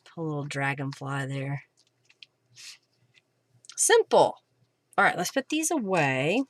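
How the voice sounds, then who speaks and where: A woman's voice: sits low, sing-song, slow, no room sound. A woman hosting a live crafting demonstration at home, chatting and thinking aloud with fillers as she works. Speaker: craft host.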